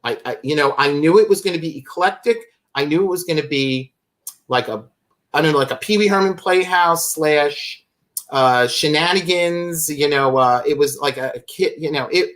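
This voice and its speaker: A man's voice: on the high side, normal speed, fairly bright tone. A man telling a long, rambling anecdote as a live-stream guest, interrupting himself and laughing as he goes. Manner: rambling, self-interrupting, laughing through his story. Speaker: guest, fan club founder. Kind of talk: animated storytelling on a live stream.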